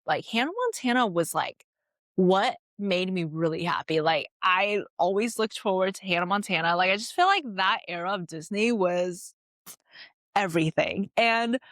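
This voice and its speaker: A woman's voice: mid-range voice, a bit bright, no echo. Chatty young woman podcaster, dry close sound. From moved to America at age ten. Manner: chatty, free-flowing, lots of "like". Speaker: podcast host. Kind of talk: casual chat.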